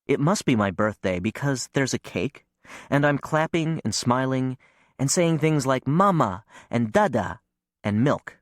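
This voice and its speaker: A man reading a novel aloud as first-person audiobook narration, calm and even. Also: medium pitch, measured pace, no room sound, studio quality.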